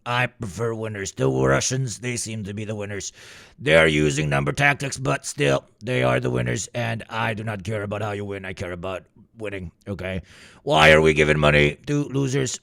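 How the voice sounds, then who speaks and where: A man voicing a boastful, blustering older male president who repeats himself loudly. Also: mid-range voice, moderate pace, gravelly, no echo, clean studio sound. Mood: bragging. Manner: repetitive, bragging, loud.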